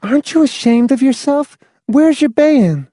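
A man doing a brash, high-voiced bar girl. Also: lively intonation, measured pace, warm tone, no room sound, clean studio sound. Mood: bossy. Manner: bold, demanding, penetrating soprano.

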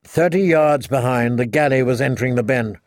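A man narrating a story as an audiobook reader, in a steady, measured reading style. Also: medium pitch, no echo, studio quality. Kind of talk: scripted narration.

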